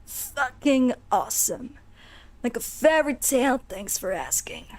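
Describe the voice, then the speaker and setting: A gruff, half-faced zombie man growls out his words in a throaty put-on Aussie accent, as a woman voices him. He drags each word out slow and menacing, like a wrecked creature in a horror game. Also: on the high side, lively intonation. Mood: grim. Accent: put-on Australian. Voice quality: throaty, voice pushed to the back of the throat.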